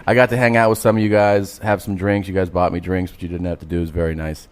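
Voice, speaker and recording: A man's voice: low-pitched, fast, clean tone. A man co-hosting a podcast, telling a story in casual chat, swearing freely and laughing often. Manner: animated anecdote teller, swears, laughs often. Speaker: podcast co-host.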